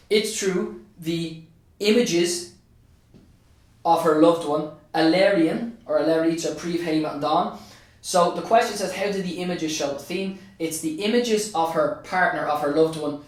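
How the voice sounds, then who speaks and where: Heavy reverb and a distant recording surround this slightly high male voice. He's an Irish teacher and state examiner delivering an exam revision tutorial, working through an answer step by step, alternating Irish and English and repeating the key phrases.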